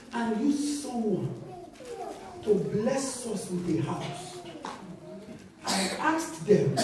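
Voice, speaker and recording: A woman pastor with a Nigerian accent delivers an animated sermon, breaking into laughter and sudden exclamations. Her voice sits high, and the mic is set back from her. A heavy echo from the church hall surrounds every word. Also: distant mic. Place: church auditorium.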